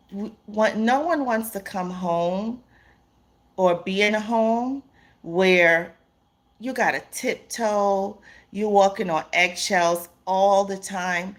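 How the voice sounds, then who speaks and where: A woman's voice: mid-range voice, slow pace. A woman hosting a live stream in a casual, earnest way, repeating points for emphasis and greeting chat viewers by name.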